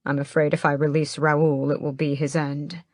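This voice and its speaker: A woman narrating a first-person fantasy audiobook in a measured, steady way, close to the mic. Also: low voice, no echo.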